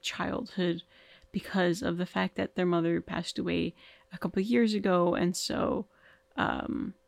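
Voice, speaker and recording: A woman's voice: fairly low pitch, vocal fry, no echo. A woman hosting a casual film podcast monologue, sounding tired and yawning, rambling along with frequent likes, ums and restarts. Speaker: podcast host.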